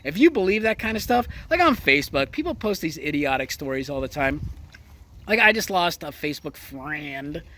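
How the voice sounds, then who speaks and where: Guy ranting on his vlog, foul-mouthed and sarcastic, kinda high voice, outside by a horse. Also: very animated, moderate pace, pushed and bright. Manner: crude, sarcastic, mocking. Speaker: vlogger. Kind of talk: casual political rant. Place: outdoors near a horse.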